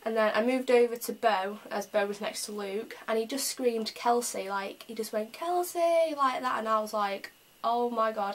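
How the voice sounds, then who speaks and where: A young woman from England telling an excited story in a casual vlog, chatty and full of fillers. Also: medium pitch, rough recording. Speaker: vlogger.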